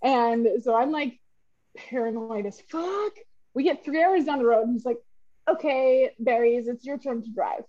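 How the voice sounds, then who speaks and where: Female podcast co-host, high register, lively profane storyteller; muffled lo-fi mic. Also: moderate pace. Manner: animated, swearing, laughing, acts out voices in her story. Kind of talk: casual storytelling chat.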